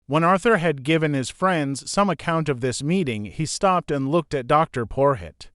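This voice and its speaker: A man narrating a gothic audiobook in an expressive storytelling manner. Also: a little high, moderate pace, no echo, clean studio sound. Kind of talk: scripted narration.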